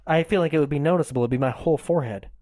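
A man in his twenties rambles through a comic story on a podcast. His voice sits a little high, and he slips into the people he quotes as he goes. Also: rapid-fire, warm tone. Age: 20s. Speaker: podcast co-host. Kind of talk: casual comedic banter.

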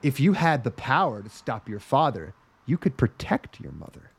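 A man voicing a smooth-talking devil who makes a persuasive, offhand offer. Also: medium pitch, very animated, normal speed, no room sound, exaggerated voice. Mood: coaxing.

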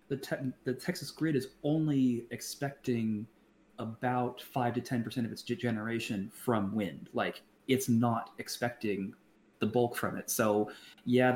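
A man's voice: mid-range voice, fairly even intonation, a little mellow. Blunt, swearing man in an echoey room. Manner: blunt, profane, halting with many restarts. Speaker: podcast co-host. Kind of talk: casual chat. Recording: roomy echo, faint background noise.

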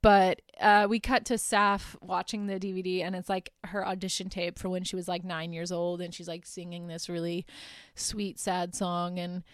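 A young adult woman hosting a podcast, chatting through a movie plot with lots of "like" and quick laughs. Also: lowish voice, level tone, clean tone, no room sound, clean studio sound. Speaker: podcast host. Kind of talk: casual movie recap.

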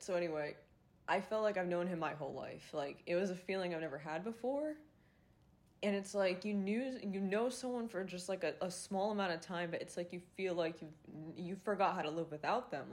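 A young woman hosting a podcast, telling a personal dating story in a casual confessional way, swearing and fighting back tears. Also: fairly low pitch. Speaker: podcast host.

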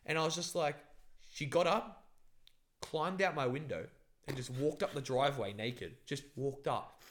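A man's voice: medium pitch, normal speed, fairly bright tone. A young man, chatting casually and recounting a dream in a rambling, profane way, full of fillers.

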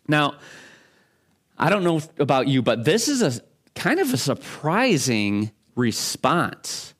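A man preaching a sermon as a pastor, talking in a conversational, halting way with frequent restarts. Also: a little high, big pitch swings, a bit bright.

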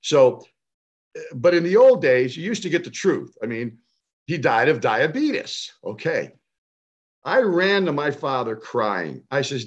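With a sing-song, slightly rough voice and a somewhat slow pace, this Cleveland-area man in his seventies shares an impassioned personal story. He speaks on health and nutrition, and his emphatic delivery rises to a high pitch when he's stirred.

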